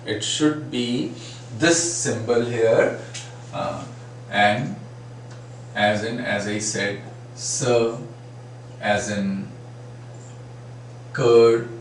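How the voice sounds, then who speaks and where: Slow teacher, echoey room. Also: male voice, medium pitch. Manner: patient, repeats sample words to demonstrate sounds. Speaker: phonetics teacher. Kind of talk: classroom lecture. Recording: very echoey room, far from mic, faint noise.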